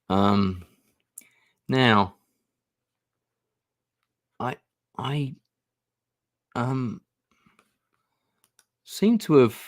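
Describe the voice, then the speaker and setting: A man plays through a fantasy gamebook, reading it aloud and chatting casually as a streamer narrating his play-through. He hesitates often and swears now and then, in a fairly low voice with no room sound.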